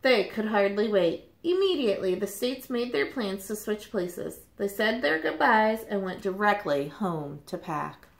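A woman reading a children's picture book aloud with animated, expressive storytelling, in the manner of a teacher. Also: medium pitch, moderate pace, hardly any pauses. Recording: roomy echo.

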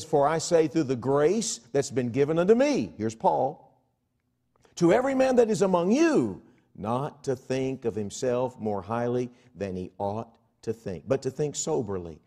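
A man preaching a revival sermon as an evangelist in a church, conversational and animated, swinging from soft asides to loud exhortation and acting out the voices of imagined listeners. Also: medium pitch. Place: church sanctuary.

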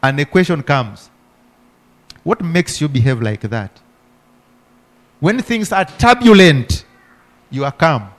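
A man's voice: on the high side, big pitch swings, takes it slowly, pauses often. A middle-aged male pastor preaching a sermon. He asks the congregation rhetorical questions and punctuates his points with repeated hallelujahs.

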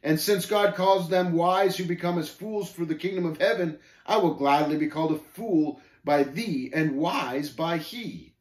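A man's voice: on the high side, a little slow, hardly any pauses, roomy sound, pitched above the performer's own voice, close to an everyday voice. A man voicing a bold, devout male pilgrim who speaks firmly and quotes scripture. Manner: bold, firm, scripture-quoting declamation.

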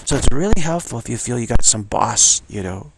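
A man's voice: medium pitch, big pitch swings, a little fast, gravelly. A man giving an informal spiritual talk in a rambling way, often acting out little dialogues. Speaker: spiritual teacher. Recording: loud background noise.

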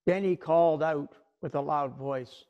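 A middle-aged man preaches with a fairly high voice. He retells the scripture dramatically, rising sharply for quoted voices and dropping low and quiet for solemn moments. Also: dull audio. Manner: dramatic retelling with shifting pitch and pauses. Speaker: pastor. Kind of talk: sermon.

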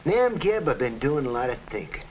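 A man's voice: mid-range voice, very animated, fairly quick, slight background noise, close to an everyday voice. A man playing a gloating, hard-boiled gangster boss in a 1940s radio drama, heard on a dull old recording. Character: scheming gangster boss Flat Top, grown man.

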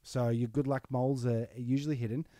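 An Australian man in a relaxed podcast chat, his voice mellow and warm, close and dry with no room echo. He rambles a little as he reads out trivia. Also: mid-range voice, fairly quick. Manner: rambling, reads out mole facts. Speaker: podcast co-host. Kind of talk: casual banter.

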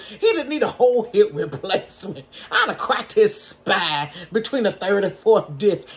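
A woman telling a personal story in a casual storytime from her bedroom, animated and laughing, talking straight to her viewers. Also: on the high side, moderate pace, hardly any pauses.

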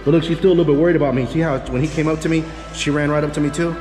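A man's voice: on the high side, steady tone, very fast, a little mellow, in a large hall, faint music behind. A man with a Texan accent, a dog trainer talking casually and profanely to the camera, his dogs and a helper while he trains.

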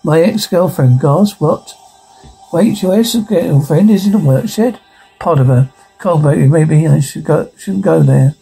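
A man reading a horror comedy episode aloud, speaking the dialogue and flatly reading out the sound cues in between. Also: a little high, a little slow, vocal fry, breathy edge, soft background music, low-quality recording.

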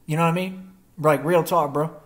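A man's voice: a little high, steady tone, normal speed. A young man in a confrontational rant to the camera, defiant and combative, using slangy street talk and rhetorical questions. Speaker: vlogger.

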